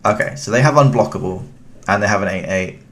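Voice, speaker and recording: A man's voice: lowish voice, fast talker, a bit bright. A young British man casually commentating his own card game, thinking aloud and chatting to his opponent.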